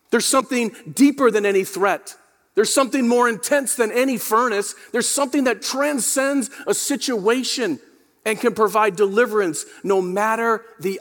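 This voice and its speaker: A man's voice: high-pitched, big-room sound. A male pastor preaching a sermon, asking his listeners questions and calling on them to answer. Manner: preaching with rising intensity, rhetorical questions, calls to the congregation.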